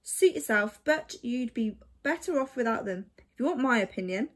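A woman voicing a grumpy, pompous old male albatross with a creaky voice in a storybook reading. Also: fairly high pitch, lively intonation, moderate pace. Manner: lofty, grumbling.

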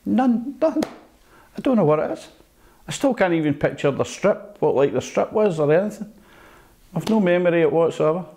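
An older Scottish former footballer telling stories from his career in a relaxed interview, acting out old exchanges and laughing at himself. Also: sits high, a little fast, a little hiss or hum. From Scotland. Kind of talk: casual reminiscing interview.

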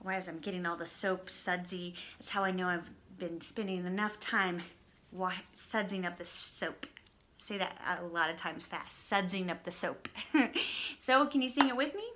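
A woman leading a toddler story time, reading an interactive book aloud and singing simple songs while coaxing the children to join in. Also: fairly low pitch. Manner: bright, slow and animated, singing and coaxing small children. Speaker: children's librarian.

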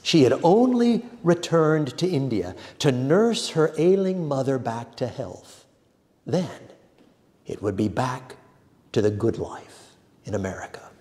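A man teaching a church adult education class, reading a story with measured, dramatic pauses. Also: medium pitch, big pitch swings, a little mellow, long reverb tail.

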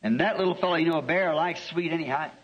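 A man's voice: a little high, fast, husky. A man, a preacher telling a homespun story in a sermon, chuckling through his anecdotes. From American South. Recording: dull lo-fi archive tape.

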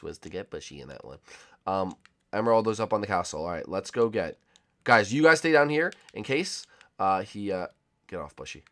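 Excitable young man commenting on a game. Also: mid-range voice. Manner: excitable, jokey, shouts and laughs. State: sore throat. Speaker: gaming YouTuber. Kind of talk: playful gameplay commentary.

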